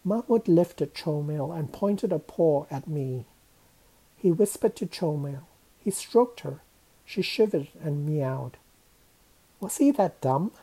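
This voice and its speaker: A woman reading a children's story aloud, expressive and changing her voice for each character. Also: low voice, slow, breathy edge, low-quality recording.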